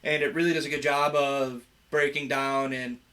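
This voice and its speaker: A man's voice: mid-range voice, little pitch movement, normal speed, sharp tone, a little hiss or hum. A young adult man, a production manager, chatting casually on a livestream in an easygoing way, laughing often and using lots of fillers.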